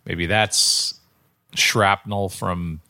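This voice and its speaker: A middle-aged man hosting a podcast, telling stories in an animated, casual way. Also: deep voice, drawn-out words. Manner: animated storytelling, acts out quotes. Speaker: podcast host. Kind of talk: casual chat.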